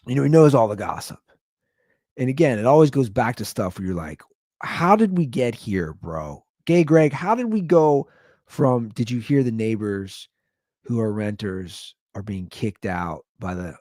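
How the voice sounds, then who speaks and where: A man's voice: lowish voice, darkish tone, no echo, studio quality. A man hosting a podcast, telling a comic story in a rambling, loose, casually profane way. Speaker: podcast host. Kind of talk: casual comedic storytelling rant.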